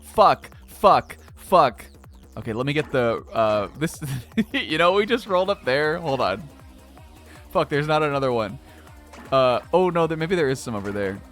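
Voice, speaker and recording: Excitable rambling man streaming a game. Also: fairly high pitch, unhurried. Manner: rambling, excitable, swears often, laughs a lot. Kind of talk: casual game commentary. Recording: faint game music behind.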